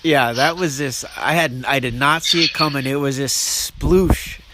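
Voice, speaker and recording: A man's voice: medium pitch, measured pace, heavy background noise. A man hosting a podcast, telling a funny story in casual chat with many restarts and laughs. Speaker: podcast host.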